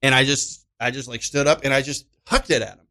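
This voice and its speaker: A man's voice: mid-range voice, fairly even intonation, quick pace, sharp tone. A man from Chicago, a podcast guest, telling a story in casual chat and acting out voices and sounds as he goes.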